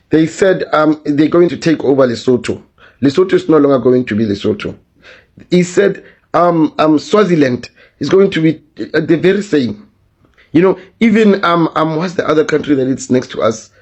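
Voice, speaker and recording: A man's voice: fairly high pitch, a little mellow. A South African man giving an insistent monologue to camera, repeating his questions.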